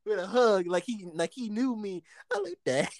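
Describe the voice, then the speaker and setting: Animated, laughing storyteller man. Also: sits high, moderate pace, dry recording, clean studio sound. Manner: animated, profane, laughs often, acts out quotes. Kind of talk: casual storytelling chat.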